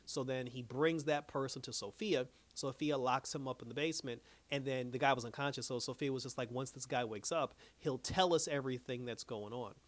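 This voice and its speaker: A man's voice: mid-range voice, brisk, few pauses. A man giving a casual, rambling plot recap as a TV reviewer, full of fillers and restarts. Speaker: TV series reviewer.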